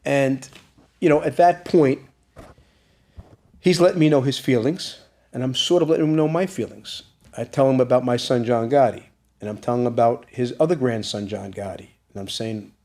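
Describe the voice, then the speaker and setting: A man speaking at an ordinary, middle pitch tells an emotional story in a podcast interview. He acts out the quoted lines of others and becomes emphatic and intense as he presses on the key points. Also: normal speed, dark tone. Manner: retells events with acted-out quoted dialogue, growing intense and emphatic. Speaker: interview guest.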